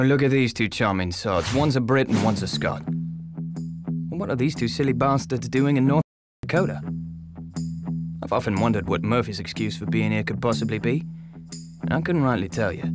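A man's voice: lowish voice, expressive, normal speed, long pauses, over loud music, natural voice. A man playing a cocky young British small-time crook, narrating a film in a chatty, swearing voice-over and talking straight to the audience. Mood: wry.

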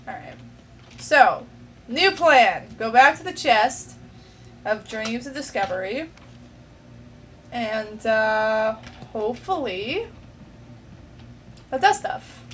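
A woman's voice: on the high side, big pitch swings, takes it slowly, long pauses, a bit bright, slight background noise. A young woman commentating her own gameplay, talking to herself, swearing and getting frustrated. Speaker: gaming let's play host. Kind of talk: let's play commentary.

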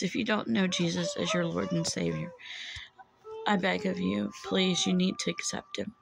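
Lady urging folks to get saved, near tears, kinda fry-ish voice, talking into her phone. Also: on the low side, fairly even intonation, normal speed, a crowd in the background, rough recording. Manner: pleading, earnest, repeats herself. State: holding back tears. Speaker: self-described watchwoman. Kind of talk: urgent religious warning to camera.

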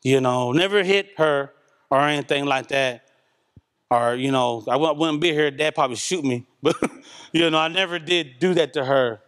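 Loud, high-voiced man giving testimony. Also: moderate pace, clean tone. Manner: loud talker, candid and animated. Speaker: church member giving testimony. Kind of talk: church testimony. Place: church service. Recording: reverberant church hall.

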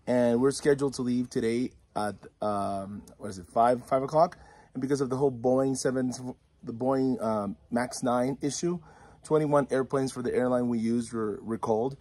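Man, youth pastor, slightly husky, calm and earnest prayer request. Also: medium pitch, normal speed. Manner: earnest, reassuring, faith-focused. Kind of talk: casual spoken prayer request.

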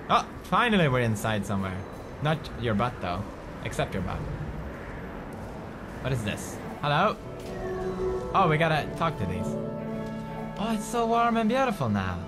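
A man in his twenties giving playful, excitable let's-play commentary and chatting to his game companion. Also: fairly high pitch. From Sweden. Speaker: gaming host. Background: game music.

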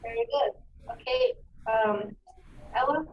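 Woman teacher, high voice, slow deliberate phonics drills, echoey room, distant mic. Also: dull audio, slight background noise. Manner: encouraging, slow and clearly enunciated. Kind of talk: phonics lesson demonstration. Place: meeting room.

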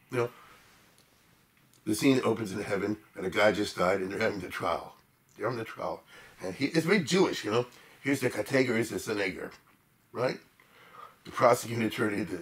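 A man giving an informal storytelling lecture, animated and emphatic, with chatty asides to the audience. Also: medium pitch. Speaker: lecturer on history.

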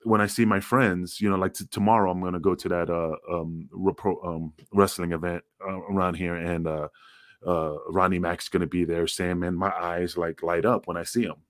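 A man's voice: low-pitched, little pitch movement, moderate pace, a bit bright, no echo, clean studio sound. A middle-aged man, a former wrestler, telling rambling, profane stories in a casual interview. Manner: rambling, profane, acts out quotes.

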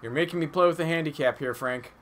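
A man's voice: fairly high pitch, fast, a bit bright. A man co-hosting a let's play, giving easygoing, jokey gameplay commentary.

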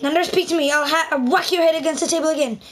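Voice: high voice, steady tone, rapid-fire, heavy background noise. A young gamer recording a gaming video at home, bossy and scolding. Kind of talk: gaming commentary skit. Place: indoors at home.

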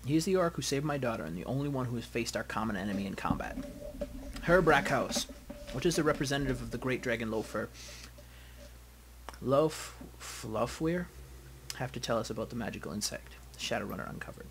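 A man voicing a wealthy elf father in a video game, measured and commanding. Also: mid-range voice, animated, slight background noise, lightly acted. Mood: formal.

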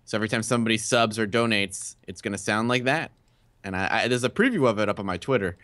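A man co-hosting a let's play, talking in an easygoing, chatty way with quick laughs. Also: on the low side, a bit bright. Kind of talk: casual gaming chat.

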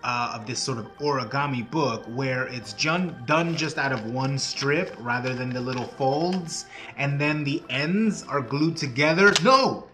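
A man's voice: medium pitch, a little slow, fairly bright tone, soft background music. A man hosting his own craft channel, talking through folding steps in a casual, rambling way with self-mocking jokes. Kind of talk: casual tutorial talk.

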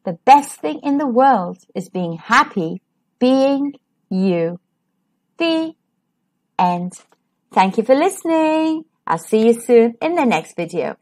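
A woman reading a rhyming children's picture book aloud, expressive and sing-song. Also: a little high, slow. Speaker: children's storyteller.

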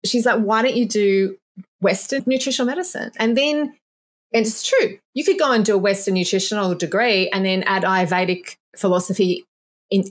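A woman naturopath in a casual podcast interview, chatty and animated, laughing often and acting out quoted voices. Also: lowish voice. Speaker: naturopath guest.

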